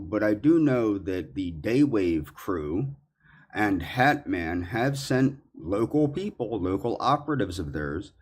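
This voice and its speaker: Indignant man ranting, lively pitch. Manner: accusatory, indignant, halting with fillers. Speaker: commentary subject in clips. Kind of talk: ranting monologue.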